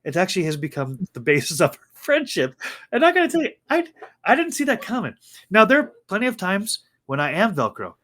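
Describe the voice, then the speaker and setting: Animated man, lively high voice. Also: a little fast. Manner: animated storytelling with faith talk. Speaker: co-host. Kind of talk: casual chat.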